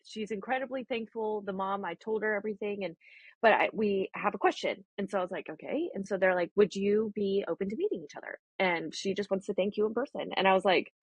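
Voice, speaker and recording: A woman in her thirties tells a personal story as a podcast guest, bouncing between her own words and quoted dialogue, with frequent laughs. Her voice has a slightly husky edge, and the recording is dry and close with no room sound. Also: mid-range voice, fast, dry recording. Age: 30s. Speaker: guest, egg donor. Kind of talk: casual storytelling in a podcast interview.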